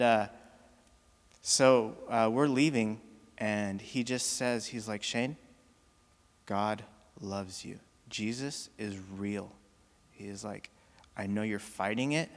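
A man telling his personal testimony to a church congregation. He speaks earnestly, often pausing and restarting with casual fillers. His voice carries a long reverb from the large church hall. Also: mid-range voice. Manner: earnest, halting, many fillers. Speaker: church member giving testimony. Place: church auditorium.

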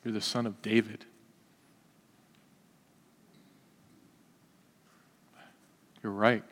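A man putting on a hushed, humble pleading woman. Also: on the low side, flat delivery, a little fast, in a large hall, voice pushed down, lightly acted. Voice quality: hushed, soft-spoken.

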